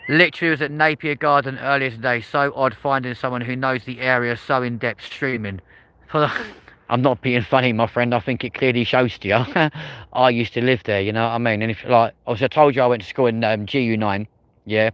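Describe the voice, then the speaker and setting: A man's voice: medium pitch, steady tone, fairly quick, fairly bright tone, clean tone. A man with a southern English accent, hosting a casual night-time livestream outdoors, rambling and swearing freely as he chats. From England. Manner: rambling, swears freely, repeats "but there we go". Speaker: livestream host. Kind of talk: casual live-stream chat.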